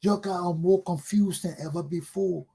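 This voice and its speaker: A man's voice: sits high, steady tone, moderate pace, creaky, mellow, slightly rough. A middle-aged man with a Liberian accent, hosting a talk show with blunt, scolding political commentary.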